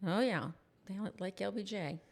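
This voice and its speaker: A woman's voice: medium pitch, normal speed, vocal fry. A woman hosting a casual podcast, chatting and reacting with short, encouraging replies. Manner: encouraging listener, short backchannels. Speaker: podcast host. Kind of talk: casual chat.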